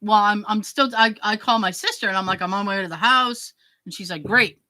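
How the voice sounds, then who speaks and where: A woman podcast host telling a story in casual chat, acting out the quoted dialogue with lively emphasis. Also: mid-range voice, brisk, no echo, poor audio. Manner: animated, acts out quoted dialogue.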